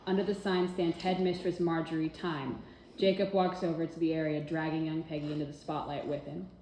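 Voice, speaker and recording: A woman's voice: sits low, little pitch movement, dark tone. Woman reading stage directions aloud. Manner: brisk, matter-of-fact. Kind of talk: script read-through narration. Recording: roomy echo, faint noise.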